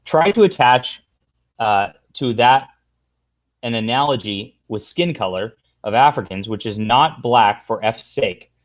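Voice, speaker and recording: A man's voice: mid-range voice, expressive, unhurried. A man hosting a casual livestream, rambling through commentary, reading posts aloud, talking to the chat and throwing in sarcastic asides. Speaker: livestream host.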